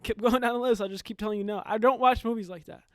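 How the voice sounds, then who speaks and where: A man's voice: sits high, fairly even intonation, fast, smooth, no echo, studio quality. A man producing a podcast, giving short, laid-back answers in casual chat.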